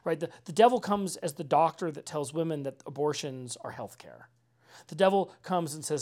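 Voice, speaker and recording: Conversational pastor, casual sermon delivery. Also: male voice, a little high, lively intonation, a little fast, darkish tone. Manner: conversational, peppered with "like" and "right?"; earnest, with dry mocking asides. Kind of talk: informal sermon.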